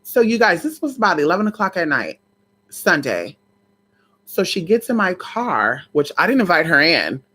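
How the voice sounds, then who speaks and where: A woman's voice: lowish voice, sing-song, moderate pace, pushed and bright, slightly rough. A woman vlogger chatting casually to her viewers, telling a story in colloquial, swear-laced speech.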